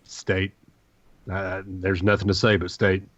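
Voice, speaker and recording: A man's voice: low-pitched, level tone, slow pace, fairly bright tone, dry recording, muffled recording. A man from the Southern US, co-hosting a podcast and giving confident, analytical game predictions in casual sports chat. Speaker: podcast co-host.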